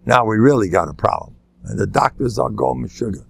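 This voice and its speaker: A man's voice: fairly low pitch, brisk, creaky, slightly rough, no echo. An older man, a rabbi, telling anecdotes in a lecture, laughing at his own jokes and acting out the voices of people in his stories. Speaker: rabbi giving a talk.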